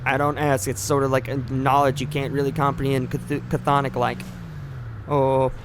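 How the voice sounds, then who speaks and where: A man's voice: mid-range voice, little pitch movement, moderate pace, noisy background. A man streaming a driving game, talking in rambling, joking asides full of fillers. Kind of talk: casual gameplay commentary.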